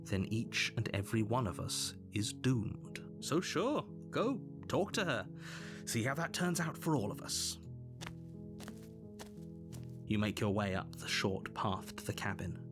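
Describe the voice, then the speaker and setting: A grave British game narrator. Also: male voice, lowish voice, big pitch swings, measured pace. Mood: grave warning. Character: stern omniscient male narrator, ominous warner. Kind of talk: scripted video game narration. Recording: game audio under music.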